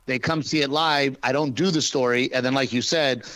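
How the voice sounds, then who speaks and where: Animated storytelling man, dry close sound. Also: mid-range voice, moderate pace, dry recording, low-quality recording. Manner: animated storyteller, acts out arguments. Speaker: stand-up comedian and guest. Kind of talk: casual interview chat.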